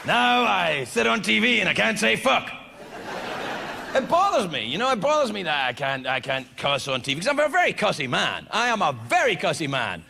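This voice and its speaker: A man doing a stand-up comedy set, loud, animated and heavily profane in his delivery. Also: sits high, moderate pace, creaky. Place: comedy venue before an audience. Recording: live club with crowd and noise.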